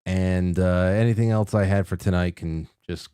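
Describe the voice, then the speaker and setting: A man's voice: sits low, normal speed, dark tone, clear, resonant tone, no room sound, studio quality. A man hosting a casual call-in talk show, rambling with frequent restarts and chuckles. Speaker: radio call-in host.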